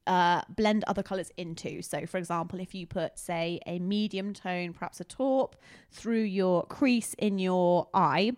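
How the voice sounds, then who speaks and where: A woman who works as a makeup artist, co-hosting a casual chat with animated, giggly storytelling. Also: lowish voice, unhurried, no room sound, clean studio sound. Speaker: makeup artist, podcast co-host.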